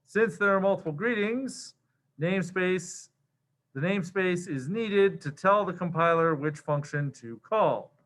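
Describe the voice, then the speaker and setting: Male coding instructor: relaxed and slangy with lots of fillers, voice a touch higher than most men. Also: measured pace. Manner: casual and slangy, with many fillers. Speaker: programming instructor. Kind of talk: screen-share coding lecture.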